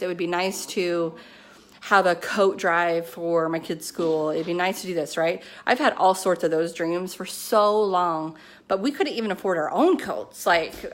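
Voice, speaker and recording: A woman at home, talking to her business team in a casual motivational pep talk, excited and chatty, filling her speech with "like" and "you know.". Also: on the low side. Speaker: network marketing team leader. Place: at home with her kids nearby.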